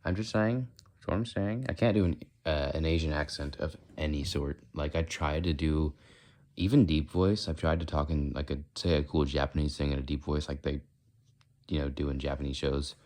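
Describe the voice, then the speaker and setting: Deep-voiced rambling American guy. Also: flat delivery, moderate pace, a little mellow. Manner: rambling, self-questioning, slips in and out of mock accents. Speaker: vlogger. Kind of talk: casual walk-and-talk vlog.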